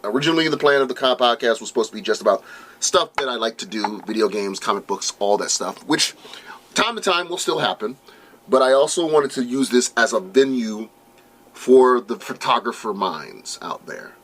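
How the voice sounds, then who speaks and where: A man's voice: mid-range voice, lively intonation, moderate pace, a bit bright. A man in his thirties hosting a podcast, casual and rambling with lots of ums and restarts, his voice a little worn. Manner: rambling, many fillers and restarts. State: losing his voice. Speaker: podcast host. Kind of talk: casual solo podcast intro.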